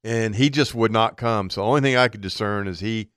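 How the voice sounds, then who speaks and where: Male radio co-host who tells long stories vividly; smooth, clear tone, close dry mic. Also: on the low side, brisk, dry recording. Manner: animated storyteller acting out his own thoughts. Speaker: radio outdoor show co-host. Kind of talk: storytelling on talk radio.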